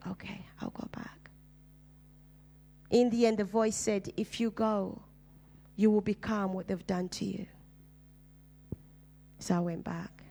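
In an earnest conversation, a Ugandan woman who preaches tells her own testimony, letting her voice sink low and soft as painful memories come up.

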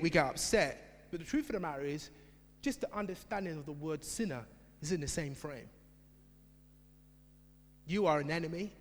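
A man preaching a sermon in a church, emphatic, swinging from shouted repetition to quiet asides. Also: on the high side. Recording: long hall reverb.

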